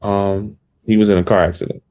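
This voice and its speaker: A man answering interview questions, hesitant and halting, with many fillers. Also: lowish voice, little pitch movement, darkish tone.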